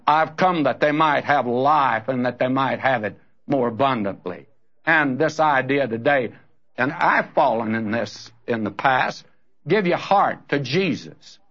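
A man's voice: mid-range voice, a bit bright. Earnest preacher man, lo-fi recording. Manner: earnest, direct, addresses listeners as friend and brother. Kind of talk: sermon.

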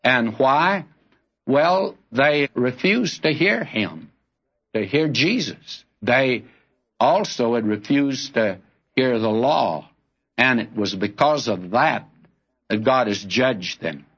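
A man's voice: mid-range voice, animated, slow, fairly bright tone, husky, dull audio. A man preaching a sermon in an earnest, direct way, calling his listeners friend and brother.

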